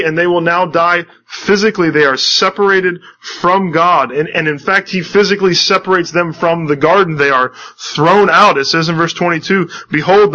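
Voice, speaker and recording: A man's voice: sits high, bright, forceful tone, lo-fi sound. A man preaching a sermon, earnestly reading scripture and commenting on it, often repeating words as he restarts.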